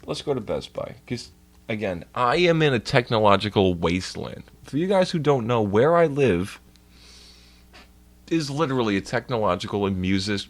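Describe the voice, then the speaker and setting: A young man rants during a casual livestream, swearing constantly and sounding exasperated. His voice swings widely in pitch, climbing high when he gets worked up. His talk is loose and off the cuff. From New York. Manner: profane, exasperated ranting. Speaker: streamer.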